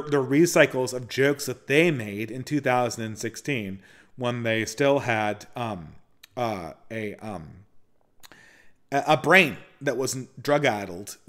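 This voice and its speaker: Guy answering viewer questions, mid-pitch, opinionated and rambly, keeps restarting sentences. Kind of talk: casual Q&A monologue.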